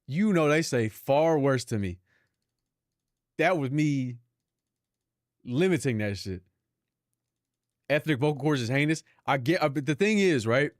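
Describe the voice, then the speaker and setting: A man's voice: mid-range voice, animated, a little slow, pauses often, dry recording, studio quality. A young Filipino man, a live streamer, chatting casually and profanely with his viewers, laughing often. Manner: loose, profane, laughing banter with chat.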